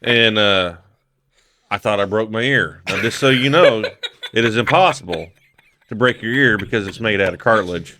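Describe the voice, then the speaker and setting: A man's voice: lowish voice, normal speed, background noise. A man on a podcast telling a rambling story, laughing often and swearing freely. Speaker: podcast guest. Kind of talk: casual storytelling.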